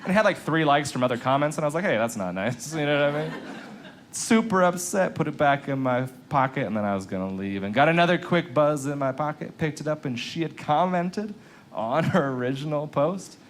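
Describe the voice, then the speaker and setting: Male stand-up comic, slightly high voice, animated storyteller, live club mic with faint room hum. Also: brisk. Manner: animated storytelling, jumps up high in pitch for excited bits. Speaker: stand-up comedian. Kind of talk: stand-up comedy set. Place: comedy club stage with live audience.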